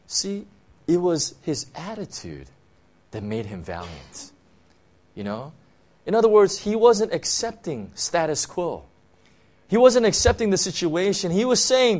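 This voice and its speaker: A man delivers a sermon to his congregation in a loose, conversational preaching style. His slightly high voice swings widely up and down. He keeps checking in with his listeners, and he leans on "you know" and "right?" as he goes. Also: very animated, measured pace, darkish tone. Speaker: pastor.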